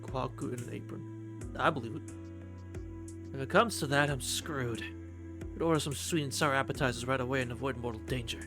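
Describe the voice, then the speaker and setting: A man's voice: mid-range voice, steady tone, brisk, pauses often. A man live-streaming a game, reading its text aloud and chatting, swearing freely. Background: game music.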